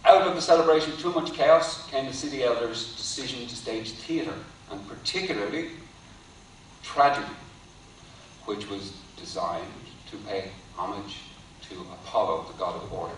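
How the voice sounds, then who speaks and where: A male lecturer talks through an academic point, pausing wryly before his punchlines. He sounds distant from the microphone, with heavy hall reverb and a faint hum of room ambience. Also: medium pitch, lively intonation. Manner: wry, deliberate, builds to punchlines. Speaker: university lecturer. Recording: echoey hall from far off.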